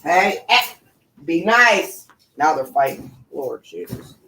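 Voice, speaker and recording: Gravelly woman chatting, scolding her puppies. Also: low-pitched, expressive, slow, bright, forceful tone, a little hiss or hum. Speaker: live stream host. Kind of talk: casual chat. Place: home bedroom. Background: puppies moving about.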